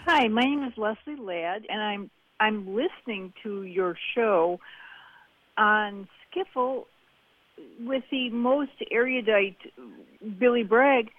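A woman leaving an eager, animated voicemail for a radio show as a caller. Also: fairly high pitch, slow, no room sound, phone-quality sound. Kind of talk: listener voicemail.

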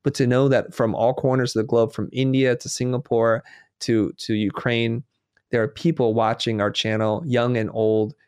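A man's voice: mid-range voice, steady tone, moderate pace, darkish tone, clean tone, dry recording, clean studio sound. A man being interviewed who talks earnestly, telling stories and quoting himself and others as he reflects. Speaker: guest.

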